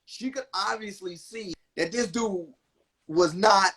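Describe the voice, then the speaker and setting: Young male podcast host, bright and high, casual storyteller. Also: slow, slightly rough. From New Jersey. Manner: animated, acts out quotes with big pitch jumps.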